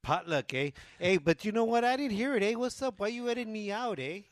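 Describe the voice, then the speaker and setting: A man co-hosting a podcast from a garage, with a slightly high voice that swings up and down a lot. He talks in a joking, teasing way and keeps tagging his lines with a questioning "eh?". The sound is close and dry. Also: expressive, a little fast, no echo. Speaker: podcast co-host. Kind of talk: casual podcast chat.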